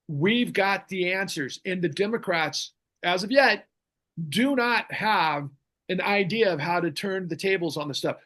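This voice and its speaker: A man's voice: high-pitched, a little slow, fairly bright tone. A middle-aged man hosting a podcast, ranting about politics in a fiery, rambling way with many restarts. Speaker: podcast host. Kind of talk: impassioned political talk.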